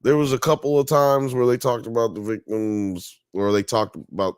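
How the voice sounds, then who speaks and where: Here a man of medium pitch and fairly even intonation speaks at a moderate pace, hosting a live show and chatting through a story. He fills it with "you know" and "blah blah," pressing harder when stirred up. The tone is clean, echo-free, studio quality.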